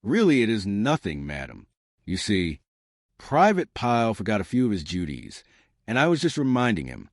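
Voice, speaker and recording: A man's voice: on the low side, wildly swooping pitch, normal speed, no room sound, studio quality. A man voicing a blustering drill sergeant. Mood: strained. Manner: yelling, exasperated, blustering. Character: gruff shouting male drill sergeant.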